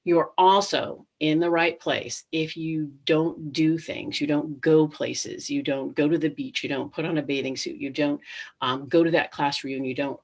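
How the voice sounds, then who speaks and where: A middle-aged woman hosting a live webinar, talking casually with many ums and restarts and acting out inner thoughts. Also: low-pitched. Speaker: webinar host.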